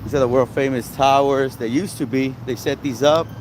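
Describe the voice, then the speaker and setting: A man's voice: medium pitch, steady tone, moderate pace, darkish tone, a little hiss or hum. Rambling man livestreaming while walking. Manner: casual, rambling, lots of "you guys" and "you know". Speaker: street vlogger. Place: outdoors in a city park by traffic.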